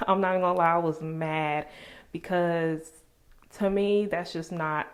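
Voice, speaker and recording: A woman telling a personal story on her vlog in an animated, emphatic way, full of casual slang. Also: sits low. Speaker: vlogger.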